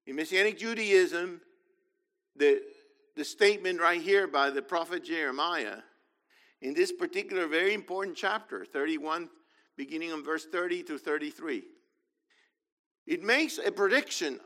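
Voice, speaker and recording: A man preaching in a high, bright voice that rings out with a long hall reverb. He teaches emphatically, repeating his points and checking in with the listeners. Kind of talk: sermon.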